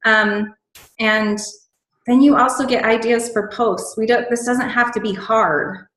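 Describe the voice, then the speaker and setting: A woman's voice: fairly high pitch, steady tone, measured pace, a bit bright. A woman giving casual sales tips on a team call, bubbly and chatty with lots of ums and likes. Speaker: team call guest speaker. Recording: echoey room.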